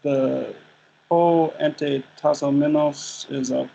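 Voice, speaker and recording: A man's voice: fairly high pitch, vocal fry. A man in a Bible class, hesitantly translating a Greek verse. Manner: slow, flat and hesitant. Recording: muffled class recording with faint noise.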